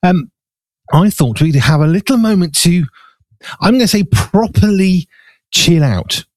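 A male radio host talks in a loose, chatty way, slightly out of breath. His voice sits a bit high for a man. The sound is close and dry, with no room around it. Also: moderate pace, no room sound. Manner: chatty, relaxed, a little breathless. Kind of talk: casual radio link.

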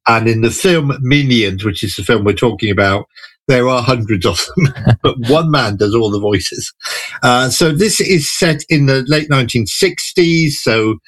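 A man talking enthusiastically about films on the radio, casual and chatty with a few halting restarts. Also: mid-range voice, a bit bright, dry recording. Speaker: film reviewer. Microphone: studio microphone.

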